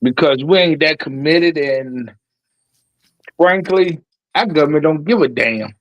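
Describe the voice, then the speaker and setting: A man's voice: on the high side, measured pace, dry recording, highs cut off. Slangy, cynical man on a call. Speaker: caller. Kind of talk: casual call-in chat.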